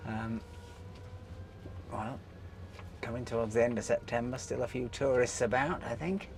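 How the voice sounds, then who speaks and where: A man's voice: medium pitch, steady tone, normal speed, vocal fry, a little hiss or hum. A man hosting a travel vlog, chatting enthusiastically about the scenery while he drives. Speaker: vlog host. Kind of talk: casual travel commentary while driving. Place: inside a small electric car on village streets.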